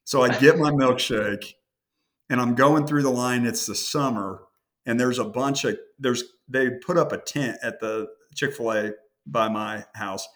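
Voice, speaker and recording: A man's voice: mid-range voice, unhurried, a bit bright. A man from the American Midwest hosting a podcast, telling a long anecdote in a rambling, self-interrupting, casual way. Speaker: podcast host. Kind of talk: casual conversational storytelling.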